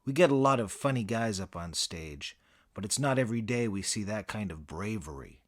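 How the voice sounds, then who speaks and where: Narrator putting on a gruff old club boss, blunt and clipped, lowish voice. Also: male voice, lively intonation, normal speed, natural voice. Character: blunt older male comedy club manager.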